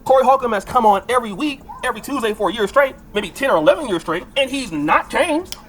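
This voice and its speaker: A woman's voice: fairly high pitch, expressive, quick pace, a bit bright. A woman giving opinion commentary, arguing her point with rhetorical questions. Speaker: political commentator.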